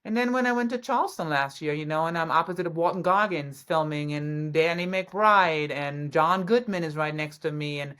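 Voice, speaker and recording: A woman from Germany, a guest actress talking excitedly about her career in a casual interview, with frequent restarts. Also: sits low, normal speed, hardly any pauses.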